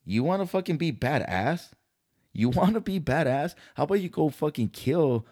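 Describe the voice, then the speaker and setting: A man's voice: medium pitch, darkish tone. A man hosting a podcast, ranting in a casual, heated and profane way. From California. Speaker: podcast host. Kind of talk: casual commentary.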